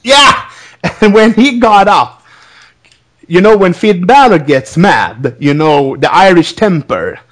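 Podcast host guy, lively up-and-down voice, unhurried, keeps cracking up mid-story. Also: sits high. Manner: rambling, laughs often, many restarts. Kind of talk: casual wrestling recap chat.

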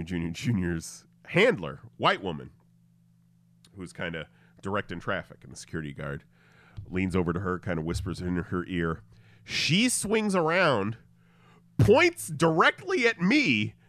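A man's voice: on the low side, big pitch swings, normal speed, fairly bright tone, no echo. A man hosting a podcast, telling a story in a casual chat, acting out the voices and laughing often. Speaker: podcast host.

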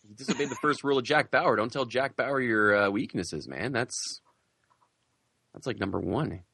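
A man co-hosting a podcast, reacting laid-back with quick quips in casual chat. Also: mid-range voice, lively intonation, vocal fry, fairly bright tone, slightly rough, no echo. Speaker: podcast co-host.

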